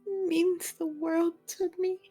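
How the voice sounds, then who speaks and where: A woman voicing a frail, elderly woman who speaks softly and tenderly. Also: very high voice, level tone, slow pace, faint music behind, voice pushed up. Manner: soft, quavering, affectionate.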